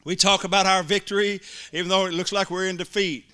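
A man's voice: high voice, level tone, fast talker, sharp tone, smooth. A male preacher, delivering an emphatic sermon to a congregation and mimicking complainers in little voices. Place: church before a congregation.

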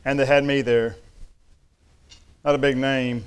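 With a smooth, level, medium-pitched voice and an unhurried pace, a middle-aged pastor preaches. His sermon is built on folksy, funny storytelling delivered with Southern address.

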